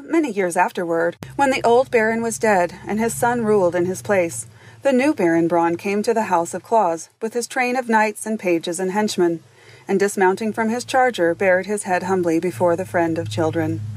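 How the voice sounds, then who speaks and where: A woman reads a classic children's storybook aloud as its narrator. She tells the tale gently and often speaks straight to the listener. Her pitch is an ordinary middle, and the recording is close and very dry. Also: no echo. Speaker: audiobook narrator.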